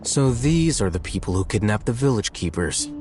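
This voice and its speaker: A man voicing a calm young hero in a game, pressing captives with questions. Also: fairly low pitch, moderate pace, over music, close to an everyday voice. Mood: cool.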